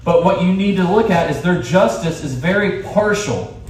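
A man preaching at a camp in an animated way, with quick asides and restarts. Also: high voice. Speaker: camp speaker. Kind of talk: sermon. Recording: echoey hall, distant mic.

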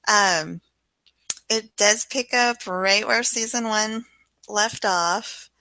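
A woman's voice: medium pitch, takes it slowly, sharp tone, dry recording, low-quality recording. A woman co-hosting an anime podcast, chatting casually and cheerfully with frequent giggles. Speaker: podcast co-host. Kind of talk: casual anime review chat.

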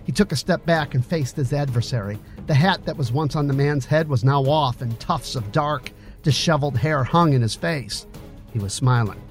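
A man narrating a novel as an audiobook, reading with expressive storytelling. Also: mid-range voice, moderate pace, soft background music. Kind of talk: scripted narration.

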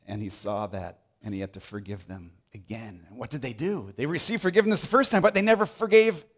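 A man's voice: mid-range voice, a little fast. A man preaching a sermon as pastor, emphatic and repeating phrases for stress.

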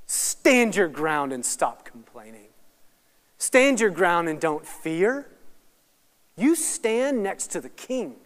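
A man teaching at a Bible study, swinging from hushed, earnest lines to loud, rapid, excited asides. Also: high voice, long reverb tail. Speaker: guest speaker at a Bible study. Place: church hall or meeting room.

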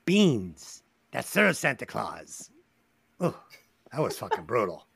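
A man's voice: mid-range voice, wildly swooping pitch, slow pace, vocal fry, a bit bright, breathy edge. A man hosting a casual movie review podcast, reading a plot summary aloud with slips and swearing jokes. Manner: profane, jokey, reads summary aloud with slips.

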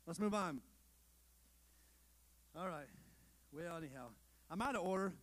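A male pastor with a fairly high, somewhat bright voice and lively intonation preaches at a measured pace. There's no echo, but the recording is low quality. His sermon is conversational, full of rhetorical questions, asides, and jokes at his own expense for the congregation.

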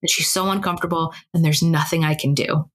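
Woman, low-pitched voice, podcast co-host, casual storytelling, filler-heavy chatter. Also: fairly even intonation. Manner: fast conversational telling, many fillers like "like".

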